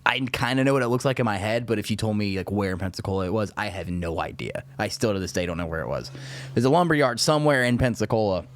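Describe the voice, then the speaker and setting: A man's voice: on the low side, fast. A man co-hosting a podcast, telling a rambling story in a laid-back, swearing way full of "dude" and "like". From Florida Panhandle. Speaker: podcast co-host. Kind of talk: casual storytelling chat.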